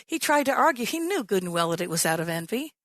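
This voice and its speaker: Woman pastor preaching an animated sermon. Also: medium pitch, quick pace, no room sound. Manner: animated storytelling, acts out quoted voices.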